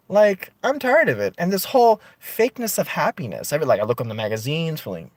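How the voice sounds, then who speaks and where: A man vlogging a casual rant to his viewers, chatty and animated, full of "like" and swearing. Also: fairly high pitch, a little fast, no room sound.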